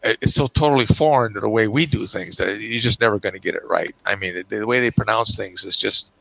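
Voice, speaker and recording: An older man chatting as a podcast guest, telling stories emphatically with frequent "okay"s and sudden jumps in pitch. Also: fast, vocal fry, sharp tone, rough recording. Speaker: podcast guest, camera magazine publisher. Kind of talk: casual podcast chat.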